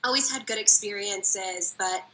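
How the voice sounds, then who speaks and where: A woman's voice: mid-range voice, a little slow, pushed and bright, a little hiss or hum, low-quality recording. A woman from Minnesota answering interview questions casually, with lots of "like" and "um". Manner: casual, frequent "like" and "um" fillers, short answers. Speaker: interview guest, agency executive.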